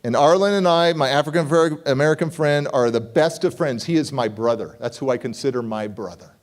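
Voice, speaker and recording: A middle-aged man, a motivational speaker, telling a story on stage, animated and jumping into quoted voices. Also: fairly quick. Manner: animated, acts out quoted voices with big pitch jumps. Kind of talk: energetic storytelling keynote. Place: conference hall stage.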